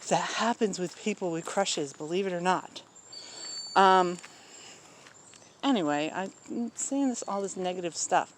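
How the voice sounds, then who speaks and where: A man's voice: high-pitched, measured pace, long pauses. A man talks candidly about his own life in a loose, rambling way, filling gaps with ums and cutting in with blunt asides. He sits outdoors in a rural spot, where faint crickets and outdoor noise sound behind him. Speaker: vlogger talking about personal life. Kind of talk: casual personal talk.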